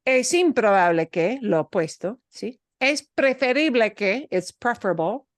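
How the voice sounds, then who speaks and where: A woman teaching a class, patiently explaining and rephrasing, slipping in short Spanish phrases with a chatty, lively manner. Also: fairly high pitch, normal speed, slight background noise.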